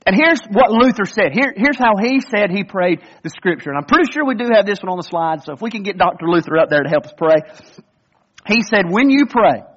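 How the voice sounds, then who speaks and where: A man with a high voice preaches a sermon in an earnest, conversational manner, often stumbling and restarting his phrases as he speaks to his congregation. The recording is somewhat dull and lo-fi. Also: lively intonation, a little fast, fairly bright tone. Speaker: pastor.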